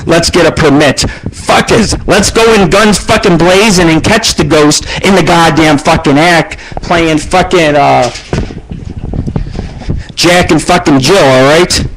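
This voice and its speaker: A man's voice: slow pace, a bit bright, a little hiss or hum, rough recording. A middle-aged man hosting a radio show, ranting crudely and boastfully in a rambling monologue. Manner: profane, boastful, rambling, shifts pitch for jokes. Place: abandoned house.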